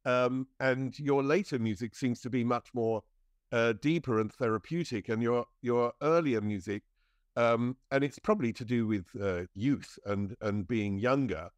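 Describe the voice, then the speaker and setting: A man's voice: mid-range voice, normal speed, no echo. A man hosting a podcast interview, asking long searching questions with many hesitations.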